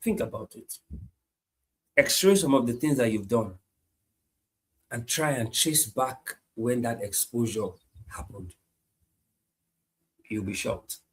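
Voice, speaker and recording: A man preaching a sermon, repeating his points emphatically and moving between hushed lines and loud climaxes. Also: mid-range voice, takes it slowly, long pauses. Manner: repetitive, emphatic, swings from hushed to shouting.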